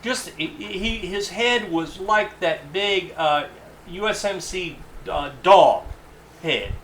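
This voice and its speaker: Brief: radio host man, forties, higher-pitched bright voice, animated storyteller. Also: reverberant, a little hiss or hum. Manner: animated anecdotal storyteller, halting asides.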